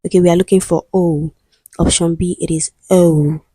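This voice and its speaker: Nigerian woman tutor, slightly low voice, dry close mic, patient walkthrough of exam questions. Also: fairly even intonation, moderate pace, mellow, slightly rough, no echo. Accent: Nigerian English. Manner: patient, repeats "okay" and "right" often. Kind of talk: explaining English exam questions.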